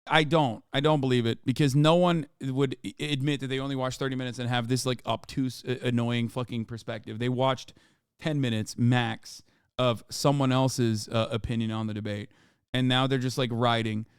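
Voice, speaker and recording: A man in his thirties talks through a livestream reaction, exasperated and ranting with plenty of swearing. His voice is smooth and resonant, sitting at an ordinary middle pitch. The sound is close and dry, with no room around it. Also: fairly even intonation, normal speed, no room sound. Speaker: streamer reacting to a video.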